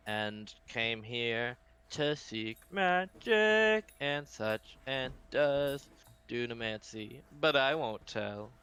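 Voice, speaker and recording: A man's voice: medium pitch, pushed and bright, clear, resonant tone. A man playing in a tabletop game, giggly and hesitant as he talks. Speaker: player. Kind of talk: casual tabletop game chat.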